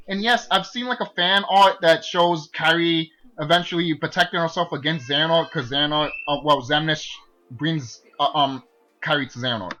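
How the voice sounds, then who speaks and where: Man, high bright voice, exasperated profane gaming rant, trips over his words. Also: moderate pace, soft background music, low-quality recording. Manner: exasperated, profane, restarts a lot. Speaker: gaming video creator. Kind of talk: ranting game commentary.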